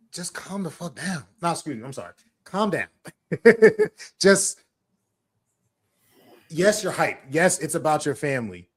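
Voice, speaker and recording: A man co-hosting a wrestling podcast, blunt and animated, breaking into quick impressions as he rants. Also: a little high. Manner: blunt, animated, mimics wrestlers mid-rant. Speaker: podcast co-host. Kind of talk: casual wrestling chat.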